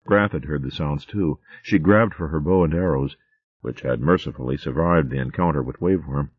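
A man narrating a storybook in an animated, expressive way. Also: rumbling low, moderate pace, breathy edge. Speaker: audiobook narrator. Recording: phone-like dry audio.

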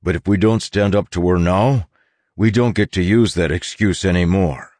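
A man voicing a steady grown man who talks with firm insistence. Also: low-pitched, moderate pace, dry recording, natural voice. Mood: resolute.

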